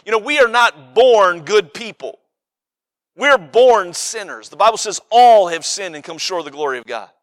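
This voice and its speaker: A man's voice: high-pitched, lively intonation, moderate pace, a bit bright. A man preaching a sermon in a conversational, emphatic way, often repeating and restarting his words.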